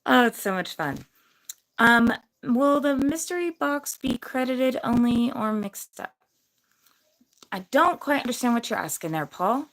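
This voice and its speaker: A young woman hosting a casual livestream giveaway, bubbly and chatty with lots of fillers, her voice a little hoarse from losing it. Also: fairly high pitch, animated, a little slow, a bit bright, rough recording.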